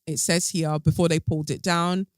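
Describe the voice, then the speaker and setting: A man hosting a casual commentary podcast, gossipy and animated, with plenty of ums and sassy asides. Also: a little high, normal speed, dry recording. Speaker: podcast host.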